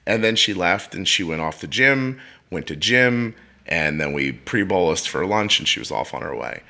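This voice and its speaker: A man's voice: sits low, animated, moderate pace, creaky, sharp tone. A middle-aged man hosting a podcast, telling a story in a casual chat and acting out the voices of the people he quotes. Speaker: podcast host.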